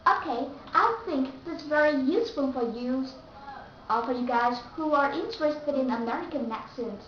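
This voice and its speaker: A woman giving a slow, careful English pronunciation lesson and repeating the example words. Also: sits high, animated, slight background noise. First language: Vietnamese. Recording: echoey room, distant mic, dull and lo-fi.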